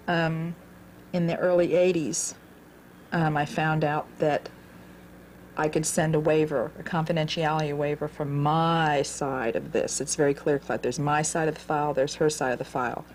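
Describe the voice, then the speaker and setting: A woman in her forties telling her own life story in an earnest, halting way, repeating words as she goes. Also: sits low, darkish tone, a little hiss or hum. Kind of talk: personal storytelling.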